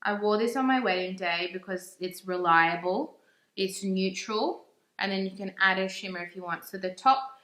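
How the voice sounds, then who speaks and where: A woman's voice: medium pitch, normal speed, a bit bright. A young woman, chatting in a gushing, casual way as she reviews makeup in a vlog. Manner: gushing and chatty, with frequent "like" fillers. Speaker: beauty vlogger. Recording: echoey room.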